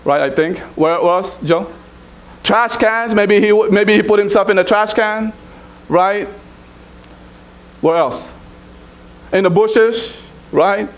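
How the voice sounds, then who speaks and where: A man's voice: slow, long pauses, poor audio. A man preaching a sermon as pastor, prompting the congregation to finish his lines and rising into urgent pleading. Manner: rises to high, urgent pleading.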